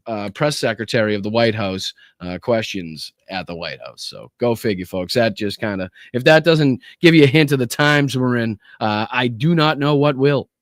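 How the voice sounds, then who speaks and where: A man's voice: mid-range voice, dry recording, studio quality. Sarcastic man hosting a political livestream. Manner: casual, sarcastic, swears, thanks viewers in chat. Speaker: political podcast host. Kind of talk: livestream commentary.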